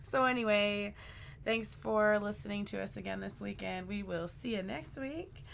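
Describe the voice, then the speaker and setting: A woman's voice: medium pitch, moderate pace, creaky, a bit bright, a little hiss or hum. A woman in her thirties co-hosting a podcast in casual, playful chat, often joking and breaking into sing-song bits. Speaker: podcast co-host.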